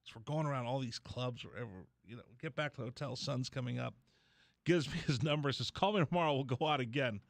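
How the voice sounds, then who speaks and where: A man hosting a radio show, telling a rambling story in a casual, animated way. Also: medium pitch, fast, vocal fry, no echo. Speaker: radio host. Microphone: studio mic.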